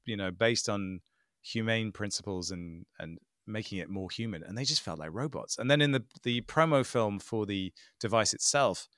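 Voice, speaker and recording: Man, podcast co-host, sardonic and lively, clean close dry sound. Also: on the low side, moderate pace, dry recording. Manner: animated, mocking impressions, sarcastic. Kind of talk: casual tech podcast chat.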